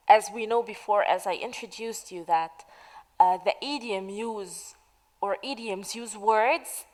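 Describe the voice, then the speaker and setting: A woman teaching the meaning of idioms in a slow, patient way, asking questions and then answering them. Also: mid-range voice, a little mellow, long reverb tail, rough recording. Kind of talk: slow explanatory lesson narration.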